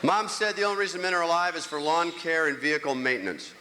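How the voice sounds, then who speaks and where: A man in his sixties doing a stand-up comedy routine on a theater stage, ranting animatedly and swinging between grumbling and squeaky outbursts. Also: fast. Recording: echoey hall, clear crowd noise. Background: audience.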